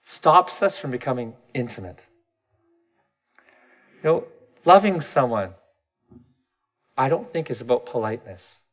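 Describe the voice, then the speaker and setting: A man's voice: medium pitch, big pitch swings, a little slow, long pauses, fairly bright tone. Guy in his 30s doing a personal reflective talk, candid, kinda self-deprecating, restarts a lot.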